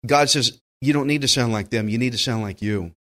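A man with a Southern US accent preaching a sermon as pastor, folksy and animated, acting out the voices of the people he quotes. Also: medium pitch, fairly quick.

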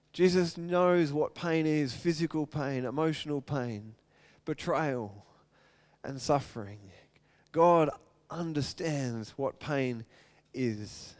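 A man preaching a sermon, retelling scripture and acting out the quoted lines, swinging from loud and excited to hushed and soft. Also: a little high.

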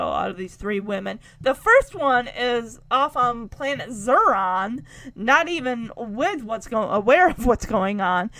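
A woman's voice: on the high side, dry recording. A woman hosting a podcast, casually retelling a show and acting out the characters' lines. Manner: animated, acts out characters' lines. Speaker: podcast host.

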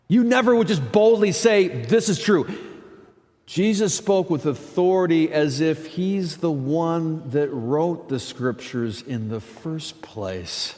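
In a high, emphatic voice, a pastor preaches to his congregation, often dropping into casual asides. The church hall lends a long reverb as he shifts between plain talk and stressed declarations, his intonation lively, his pace slow, his tone a little mellow.

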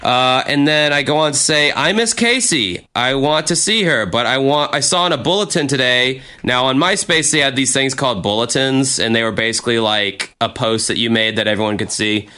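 A man's voice: mid-range voice, fairly quick, hardly any pauses, sharp tone, clear, resonant tone. A young American man reading his old journal aloud with a friend, self-mocking and swearing freely. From United States. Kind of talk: casual chat reading aloud.

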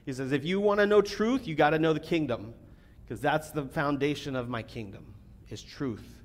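A man giving a sermon as a pastor, talking casually with fillers and restarts, then reading scripture more quietly. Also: on the high side, moderate pace. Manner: conversational preaching with fillers, reads scripture quietly.

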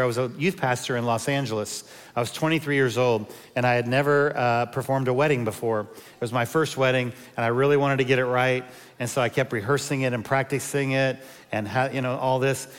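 A man's voice: medium pitch, smooth, in a large hall. A man in his fifties, a pastor giving a sermon and telling humorous personal stories. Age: 50s. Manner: humorous storytelling with personal anecdotes.

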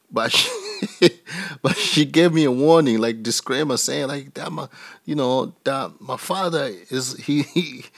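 A man's voice: mid-range voice, fairly bright tone, no echo, clean studio sound. A man from Africa, doing a crude, rambling stand-up comedy set and laughing at his own jokes.

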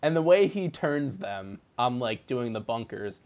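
A man talking casually about a film with a friend, laughing often and slipping into quick impressions of the characters. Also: medium pitch, sing-song, a little mellow. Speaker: film podcast co-host.

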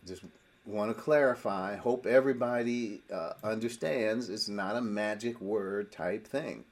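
A man leading a Bible study to listeners on a group call, emphatic, asking rhetorical questions and swinging between loud and quiet. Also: lowish voice, measured pace. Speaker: Bible teacher.

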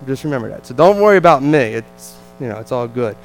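A man with a New Jersey accent, a visiting missionary telling a lively, self-deprecating family story to a church congregation. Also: medium pitch, fast talker, slight background noise, low-quality recording.

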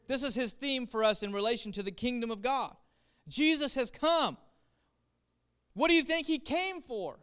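A pastor delivers an impassioned sermon in a high, clear male voice. He moves between quiet, reflective stretches and loud, urgent calls to his listeners. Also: animated, moderate pace. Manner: impassioned preaching that swings from soft reflection to loud exhortation.

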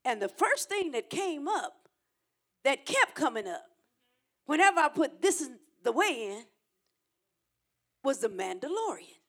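Woman pastor preaching loud, high bright voice, lots of repeating lines. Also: very animated, unhurried, pauses often. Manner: shouting preacher, rhythmic repetition, call and response. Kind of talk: sermon.

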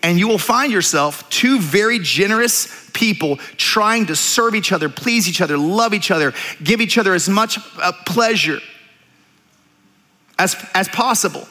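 A man preaching a sermon as pastor, telling stories with animated, jokey asides. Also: high-pitched, moderate pace. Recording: reverberant church hall.

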